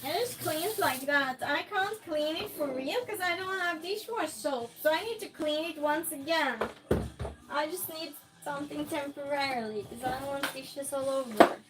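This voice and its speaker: Speaking in a high-pitched voice at a moderate pace, a woman chats with her livestream viewers while cooking at home. She talks both to her chat and to herself as she works.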